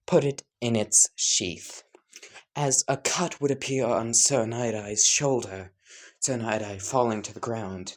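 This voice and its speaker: A man telling an improvised fan story in a casual way, often chuckling and restarting his sentences. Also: mid-range voice. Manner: chuckling, casual, self-interrupting. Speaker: fan fiction narrator.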